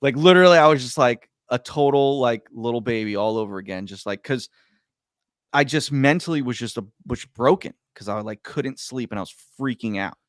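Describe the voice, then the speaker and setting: A man's voice: mid-range voice, brisk, no echo. Rambling man telling a story, dry sound. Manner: rambling, stumbling over words, lots of fillers; animated, swings between loud and quiet. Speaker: podcast guest. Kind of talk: casual storytelling chat.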